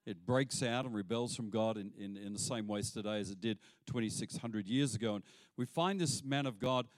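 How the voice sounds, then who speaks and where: A man preaching a sermon as pastor, animated and acting out the voices he quotes. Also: on the low side, normal speed, dry recording.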